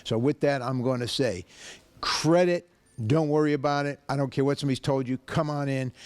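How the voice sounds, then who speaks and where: A man pitching his car dealership, telling a story in an emphatic, folksy way. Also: darkish tone, no room sound. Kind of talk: animated sales pitch and storytelling.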